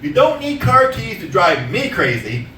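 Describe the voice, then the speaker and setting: A man with a high, bright voice swings up and down in pitch as he tells his stand-up stories, laughing at his own punchlines. He is heard on a stage mic from some distance, in a roomy, echoing theater. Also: measured pace, a little hiss or hum. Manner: loud, animated storytelling, laughing at own jokes. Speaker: stand-up comedian. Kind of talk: stand-up comedy set. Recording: echoey room, mic from a distance.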